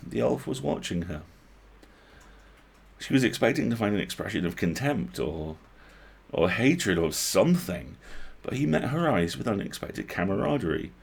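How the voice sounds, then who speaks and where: A man reading a novel aloud on a livestream, expressive, breaking off to comment on lines he likes. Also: lowish voice, creaky, slightly rough. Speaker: host reading a book aloud.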